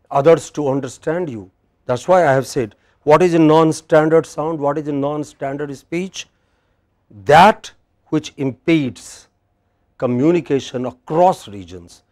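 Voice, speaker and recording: Modelling words and patiently quizzing his students, a lecturer with an Indian English accent gives a pronunciation class at a university. His voice is a little high and a little mellow.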